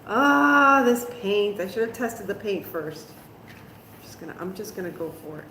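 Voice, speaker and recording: A woman's voice: medium pitch, animated, moderate pace, fairly bright tone. A middle-aged woman hosting a casual live crafting stream at home, chatting to viewers and laughing at her own mistakes. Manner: chatty, self-deprecating, talks to viewers. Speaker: crafting livestream host. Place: at home, moving outdoors. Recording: roomy home echo, faint background noise.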